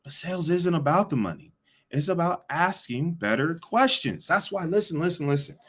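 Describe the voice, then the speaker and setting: A man teaching a live online sales session, energetic and repetitive, asking the audience to answer back. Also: on the high side, moderate pace, slightly rough. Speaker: sales coach.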